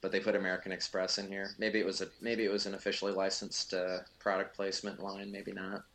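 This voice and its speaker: A man's voice: deep voice, completely flat delivery, quick pace, a bit bright, a little hiss or hum. A man giving casual, rambling film commentary as co-host, full of fillers and restarts.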